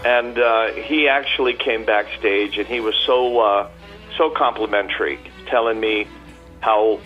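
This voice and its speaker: A man's voice: on the low side, dull audio. A man guest on a radio interview, a chatty storyteller with many fillers and restarts. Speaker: tribute performer guest.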